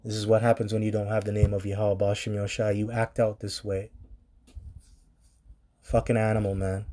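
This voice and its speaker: Man, preacher, blunt and profane, reads scripture aloud, low pitch, dark mellow tone. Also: completely flat delivery, fast, a little hiss or hum. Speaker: street preacher commentator.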